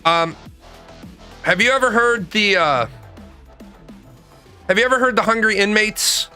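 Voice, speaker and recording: A man's voice: sits high, a little slow, pushed and bright, faint music behind. A man hosting a casual chat, talking in a blunt, profane and emphatic way.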